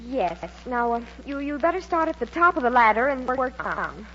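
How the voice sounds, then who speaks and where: A woman's voice: sits high, expressive, normal speed, pushed and bright. An actress playing a nervous, hesitant young woman shop clerk, in 1940s radio acting. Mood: flustered. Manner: flustered and hesitant. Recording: dull vintage radio broadcast, faint hum.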